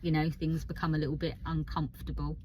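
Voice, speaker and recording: A woman in her fifties from Essex, speaking with an Essex accent in a candid, hesitant personal vlog with many pauses and fillers, sounding a little nervous. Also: low voice, little pitch movement, darkish tone, dry recording, rough recording. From Essex, England. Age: 50s. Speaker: vlogger.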